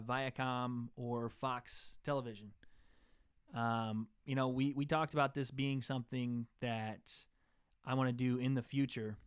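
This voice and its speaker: A man's voice: medium pitch, clear, resonant tone. A young man hosting a casual livestream chat, joking around and reading out viewer comments. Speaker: host.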